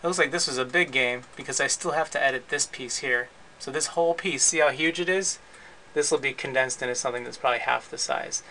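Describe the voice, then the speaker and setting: A man hosting his podcast, casually walking through his recording and editing setup in a relaxed, rambling way with frequent restarts. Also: mid-range voice, quick pace, a little hiss or hum, poor audio. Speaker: podcast host and editor. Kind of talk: casual gear walkthrough.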